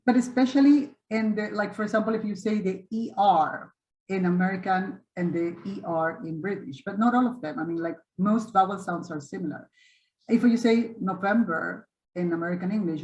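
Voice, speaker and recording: A woman's voice: mid-range voice, a little mellow, roomy sound. Casting note: woman in her 50s, patient teacher demonstrating sounds, dull lo-fi call audio. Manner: patient, demonstrative, repeats and models vowel sounds slowly. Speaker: English teacher hosting a webinar. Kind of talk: online teaching webinar. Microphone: video call.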